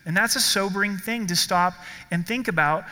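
A man preaches a sermon to his congregation, earnest and emphatic, leaning on repeated phrases. His voice sits high and sounds bright and forceful. The sound rings with the long reverb of a church sanctuary. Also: moderate pace. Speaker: pastor.

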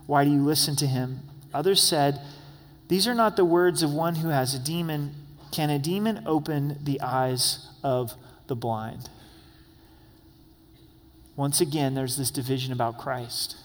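A man's voice: fairly high pitch, measured pace. A male pastor delivering a sermon, reading scripture aloud verse by verse and addressing the congregation directly with light humor. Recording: long echoey hall reverb.

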